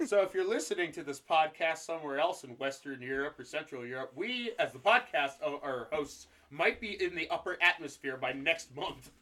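A man's voice: a little high, expressive, moderate pace, hardly any pauses, bright, forceful tone. A man co-hosting a podcast, telling history in casual chat with jokes and swearing. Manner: swearing, joking storyteller. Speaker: podcast co-host.

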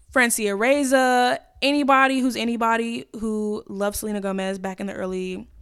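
A woman's voice: medium pitch, gravelly, smooth. A young woman hosting a solo podcast, chatting casually and gushing, with some swearing. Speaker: podcast host.

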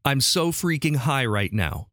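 A man's voice: medium pitch, animated, a little slow, fairly bright tone, dry recording, clean studio sound. A man hosting a casual comedy podcast quiz, chatty and laughing often as he reads out questions. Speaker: podcast host quizzing a guest.

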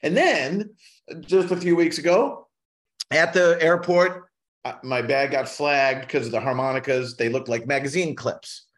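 A middle-aged man, a musician guest on a podcast, telling wry, animated anecdotes and acting out what people said to him. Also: fairly high pitch, a little slow. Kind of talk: casual storytelling in a podcast interview.

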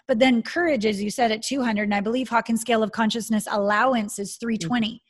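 Animated, enthusiastic woman, bright voice. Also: on the high side, fast talker, few pauses. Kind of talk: casual conversation.

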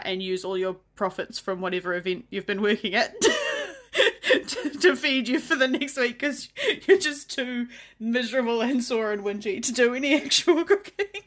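A woman co-hosting a podcast in casual chat, telling lively stories with frequent laughter and swearing. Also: mid-range voice. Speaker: podcast co-host.

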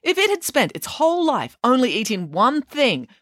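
A woman's voice: high voice, huge pitch swings, moderate pace, fairly bright tone, dry recording, studio quality, voice pushed up, full character voice. A woman voicing a bossy, self-assured pig nanny in a read-aloud storybook, speaking emphatically like a know-it-all. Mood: emphatic.

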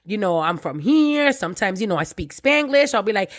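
A woman with a Brooklyn accent, chatting as a podcast guest, bubbly and quick to laugh as she tells stories. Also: medium pitch, no room sound, clean studio sound. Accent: Brooklyn New York. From Brooklyn, New York. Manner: bubbly, laughs often, animated storytelling. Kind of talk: casual chat.

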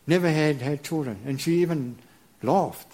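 A middle-aged man preaching a sermon, halting and earnest, with many repeated words and restarts. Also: on the high side, a little mellow. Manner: earnest and reverent.

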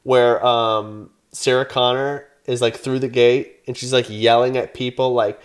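A man in his thirties, a podcast co-host, telling an animated story in casual chat, swearing and acting out his own yelling. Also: mid-range voice, unhurried, clear, resonant tone.

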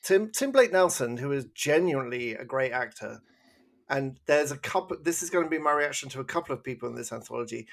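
Podcast co-host, male, gravelly, animated and mocking, casual review banter. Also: medium pitch, brisk. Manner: animated, mocking put-on voices when quoting.

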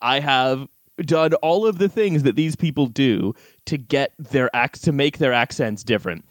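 A man's voice: medium pitch, moderate pace, no echo. A man with a Canadian accent, co-hosting a comedy podcast in a profane, exasperated, ranting manner. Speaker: podcast co-host. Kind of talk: casual comedic chat.

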